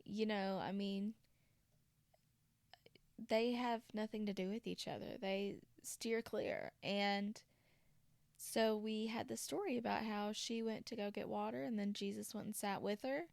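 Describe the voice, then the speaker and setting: Chatty woman with gravelly edge. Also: medium pitch, measured pace, no room sound. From Tennessee. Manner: chatty, animated storytelling with asides. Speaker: podcast host. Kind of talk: casual chat retelling a story.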